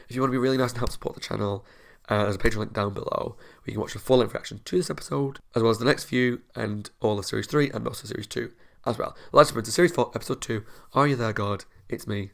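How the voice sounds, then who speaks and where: A man's voice: medium pitch, rapid-fire, vocal fry. A young man, hosting a reaction video in earnest, rambling casual chat and laughing often.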